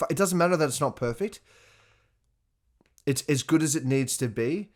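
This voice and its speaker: A man hosting his own podcast, talking candidly and profanely in a casual solo monologue, laughing often and getting louder when excited. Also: fairly high pitch, fairly quick. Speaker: podcast host.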